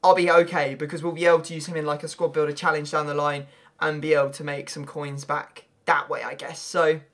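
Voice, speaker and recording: A young man, giving excitable pack-opening commentary on a video game, breaking into loud shouts and laughter. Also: on the high side, fairly quick. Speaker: gaming video creator.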